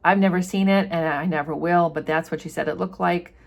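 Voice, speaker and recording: A woman's voice: fairly low pitch, steady tone, brisk, creaky. Stern weary mother, read out by a woman. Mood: firm. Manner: firm, defiant.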